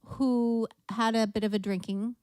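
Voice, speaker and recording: A woman's voice: on the high side, unhurried, clean tone, no echo, clean studio sound. A woman hosting a live music show, telling funny stories in casual chat. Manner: animated storyteller, laughs often. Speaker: livestream music show host.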